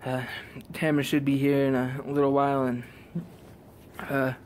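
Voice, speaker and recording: A man recording a casual vlog outdoors in a driveway, out of breath and talking in halting, quiet, earnest phrases. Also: mid-range voice, completely flat delivery, slight background noise. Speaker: vlogger. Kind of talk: casual vlog talk to camera.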